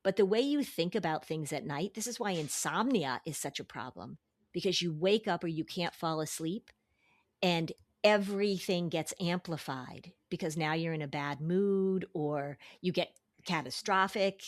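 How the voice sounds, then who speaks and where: Middle-aged woman podcast host: casual, animated, quick to laugh, dry close sound. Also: on the low side, dry recording. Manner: animated, laughs often, acts out quoted voices. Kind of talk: casual chat.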